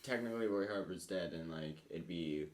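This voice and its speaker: A man's voice: deep voice, moderate pace, darkish tone. A man chatting casually on a podcast, thinking aloud hesitantly with many fillers. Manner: hesitant, lots of "like".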